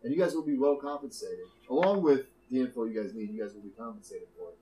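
A man doing a calm dark elf boss. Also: medium pitch, fast, roomy sound, noisy background, natural voice. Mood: businesslike.

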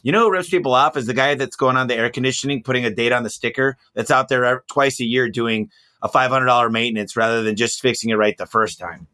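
A man's voice: medium pitch, quick pace, sharp tone. A man talking bluntly and emphatically as a guest, a home service business owner speaking in a casual podcast conversation.

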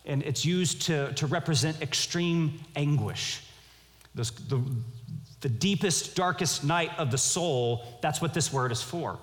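Earnest male preacher in a reverberant hall. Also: fairly high pitch. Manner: earnest, measured preaching with frequent restarts. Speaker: pastor. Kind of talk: sermon.

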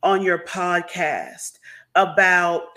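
A man's voice: high-pitched, fairly even intonation, extremely slow, bright, forceful tone. Affirming man interviewer. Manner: recounts the guest's words back, affirming. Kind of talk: conversational interview.

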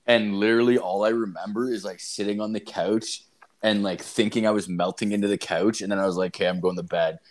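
Guy with a lowish voice cohosting a podcast, swears a lot, rambles through stories. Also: fairly even intonation, a little fast. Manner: profane, rambling storytelling. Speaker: podcast co-host. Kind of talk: casual chat.

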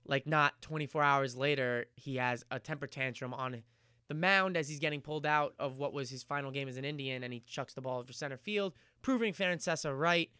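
A man's voice: medium pitch, bright, forceful tone, clean tone, no room sound, clean studio sound. A man hosting his own podcast, rambling loosely through casual sports talk with plenty of fillers and the odd curse word. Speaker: podcast host.

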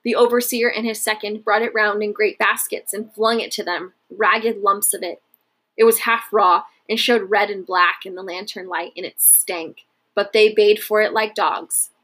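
Husky-voiced woman reading a novel. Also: mid-range voice, steady tone, moderate pace, fairly bright tone. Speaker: narrator. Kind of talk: reading a historical novel aloud.

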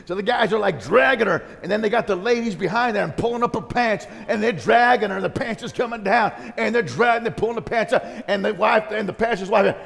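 A man preaching a sermon, telling a story in a rambling, animated way with many restarts and asides. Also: high voice, fast talker, vocal fry, hardly any pauses. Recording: long hall reverb.

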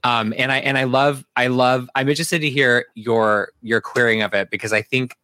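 A man's voice: mid-range voice, fairly even intonation, moderate pace, bright, forceful tone, dry recording. A man speaking as a guest in a casual podcast discussion, eager and rambling as he corrects himself.

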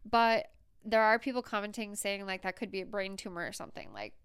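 A woman from the United States chats on a podcast in a very smooth, crisp voice, recorded close and dry. She tells stories in an animated, talkative way. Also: mid-range voice, brisk, dry recording. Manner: chatty, animated storyteller. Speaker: podcast co-host. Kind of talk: casual chat, storytelling.

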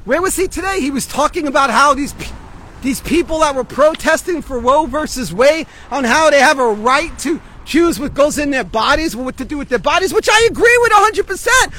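An agitated man rants on a city street with a very high, piercingly bright voice. He rambles, curses and restarts his sentences as he goes. Faint street noise runs behind him. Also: moderate pace. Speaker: vlogger. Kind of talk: street vlog rant.

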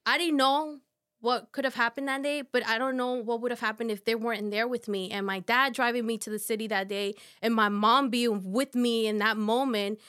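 Brief: woman in her 30s, podcast guest, slightly high voice, halting and soft. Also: fairly even intonation, clear, resonant tone. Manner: halting, soft storytelling with many fillers. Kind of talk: casual conversation.

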